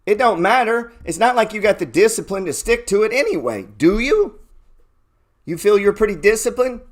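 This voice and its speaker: A man giving a trading talk, cursing often and firing rhetorical questions, swinging between loud bursts and low murmurs. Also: sing-song, moderate pace. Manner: profane, emphatic, rhetorical questions. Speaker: trading educator. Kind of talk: motivational talk.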